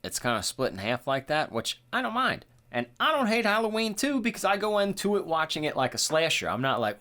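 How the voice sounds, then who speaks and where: A young man co-hosts a podcast, his voice on the high side and brisk with hardly any pauses. He chats casually, swears freely, and acts out quoted lines in an animated way.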